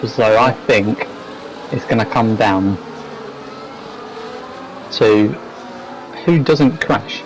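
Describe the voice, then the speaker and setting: A man giving measured, analytical co-commentary on a live sim race, sizing up drivers and calling out penalties. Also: on the low side, a little hiss or hum, poor audio.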